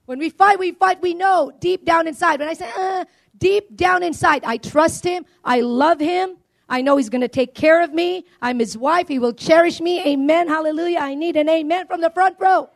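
A married woman preaching a sermon to a congregation, calling for amens, swinging between loud declarations and quiet asides. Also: very high-pitched, moderate pace, gravelly. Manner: call-and-response preaching, asking for amens.

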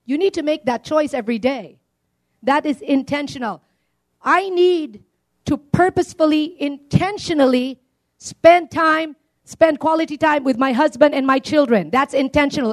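A married woman preaching a sermon to a congregation, calling for amens, swinging between loud declarations and quiet asides. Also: high voice, unhurried. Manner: call-and-response preaching, asking for amens.

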